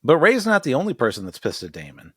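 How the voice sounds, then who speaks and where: Relaxed, joking male podcast host. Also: fairly high pitch, fast, slightly rough, dry recording, studio quality. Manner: jokey and relaxed, swears casually, slips into mock voices. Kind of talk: casual chat recapping a TV episode.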